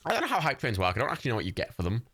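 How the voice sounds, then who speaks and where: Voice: medium pitch, wildly swooping pitch, very fast, fairly bright tone, slightly rough, dry recording, clean studio sound. A young adult streamer hosting a watch party, chatting casually, reading out chat and gifts, swearing freely and laughing often.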